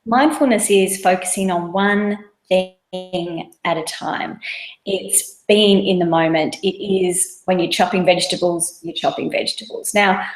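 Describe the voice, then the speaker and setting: A woman in her thirties talks earnestly and conversationally, like a guest teaching a webinar. Her mid-range voice sits in a roomy space with noticeable echo. She explains ideas through plain everyday examples. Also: mid-range voice. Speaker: mindfulness course guest. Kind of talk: casual webinar talk.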